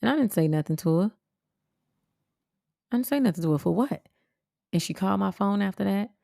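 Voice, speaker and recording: A woman, telling personal stories as a podcast host in a blunt, animated way, swearing freely and jumping into sharp high exclamations. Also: fast, gravelly, dry recording, studio quality. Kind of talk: casual storytelling monologue.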